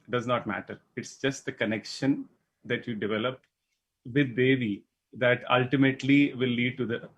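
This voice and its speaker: A man speaking as a guest on a live show, sharing a personal testimony in an earnest, halting way. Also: medium pitch, slightly rough.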